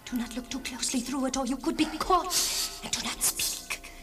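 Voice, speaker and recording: An actress playing a brave young woman guiding her companion in a radio drama, speaking urgently and in hushed tones. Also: high voice, fast talker, natural voice. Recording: distant mic with music under.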